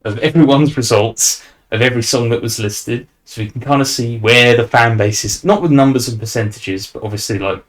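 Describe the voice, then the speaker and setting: A man's voice: medium pitch, brisk. A young man hosting a podcast, chatting casually and rambling with fillers and restarts. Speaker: podcast host. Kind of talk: casual chat.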